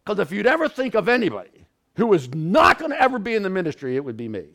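A middle-aged man preaches with a gravelly, slightly raised voice. His pitch moves a lot as he tells stories, dropping to quiet asides and rising to loud bursts. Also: very animated, fast talker. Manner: storytelling, swings from quiet asides to loud outbursts. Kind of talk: sermon.

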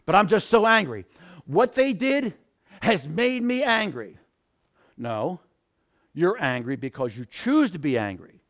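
A male pastor preaching a sermon, animated, acting out little scenes and bursting into shouts. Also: on the high side. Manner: animated, acts out scenarios, sudden shouts.

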